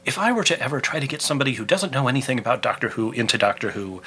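A man's voice: mid-range voice, sing-song, rapid-fire, a bit bright, slightly rough. A man co-hosting a podcast in casual chat, rambling and laughing often. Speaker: podcast co-host.

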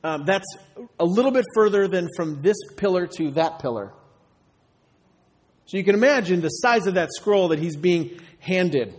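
A man with a high voice preaches to his congregation, talking conversationally and asking rhetorical questions. His words ring out with the long reverb of a big church hall. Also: animated, moderate pace. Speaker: pastor. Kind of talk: sermon.

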